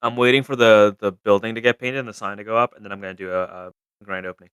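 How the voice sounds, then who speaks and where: Bright-voiced guy telling a wild story. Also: fairly low pitch, quick pace, smooth, no room sound. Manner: animated storytelling, swears freely. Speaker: podcast co-host, car shop owner. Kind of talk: casual podcast chat.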